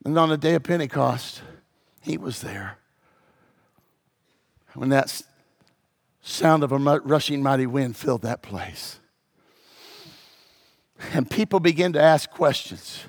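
A man preaching as a pastor, moving from hushed, low passages to loud, shouted peaks. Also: lively intonation, a little slow, vocal fry, long pauses. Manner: dramatic, swings from hushed to shouting. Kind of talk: sermon. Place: church.

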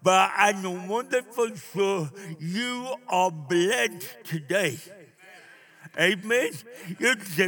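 An older man preaching a sermon, emphatic, with call-and-response and drawn-out phrases. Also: sits high, fairly bright tone.

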